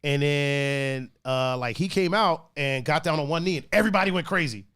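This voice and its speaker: A young man hosting a casual podcast, reading out viewer comments and telling lively stories with acted-out quotes. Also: normal speed, clean tone, no room sound, studio quality. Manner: animated storyteller who acts out quoted voices with big pitch jumps. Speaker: podcast host.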